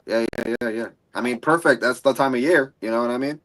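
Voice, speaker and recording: A co-host with a mid-range voice talks fast in a low-quality recording during a casual chat. He's playful and emotional, telling stories in an animated way.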